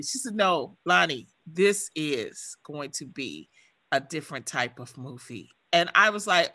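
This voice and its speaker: A woman hosting a radio talk show, telling a story in a lively, expressive way. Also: medium pitch, moderate pace. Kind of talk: casual chat.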